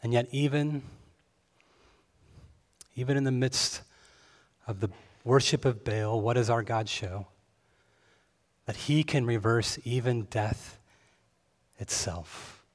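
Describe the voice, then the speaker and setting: Male preacher, mid-pitched voice, goes quiet then fired up, long echo like a church hall. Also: takes it slowly, pauses often. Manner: expressive, swings between hushed and fervent. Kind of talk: sermon.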